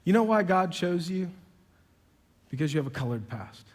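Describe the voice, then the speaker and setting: A man with a high-pitched voice delivers a sermon, emphatic and swinging between quiet low passages and loud raised ones. He throws in sarcastic, joking asides. His voice carries a long reverb, as if he is in a large church auditorium. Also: big pitch swings, moderate pace. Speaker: pastor. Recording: long reverb of a big hall.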